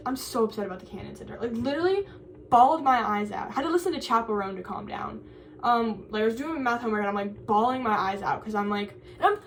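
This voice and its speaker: A woman's voice: a little high, lively intonation, quick pace, fairly bright tone, far from the mic, slight background noise, poor audio. A young woman in college chatting casually for her vlog, rambling with lots of fillers and restarts. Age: young adult. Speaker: college vlogger.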